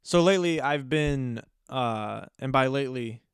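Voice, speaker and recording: A young man hosting a podcast, telling a rambling, deadpan, playfully disgusted story in a casual comic monologue. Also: medium pitch, a little slow, loud music behind the voice. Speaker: podcast host.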